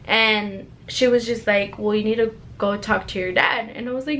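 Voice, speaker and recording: A young woman casually telling a personal story to her viewers, chatty and animated, with lots of "like". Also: mid-range voice, normal speed, few pauses.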